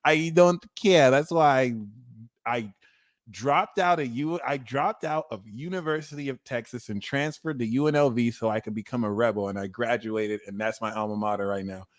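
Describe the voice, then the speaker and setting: A man in his thirties giving a livestream tarot reading, talking in a blunt, animated way and swearing freely. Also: mid-range voice, moderate pace. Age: 30s. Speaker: tarot reader.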